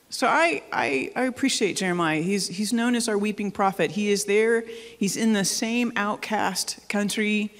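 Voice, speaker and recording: A woman pastor giving a sermon in a casual, joking way, often asking the congregation questions. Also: mid-range voice. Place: church hall. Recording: long hall reverb.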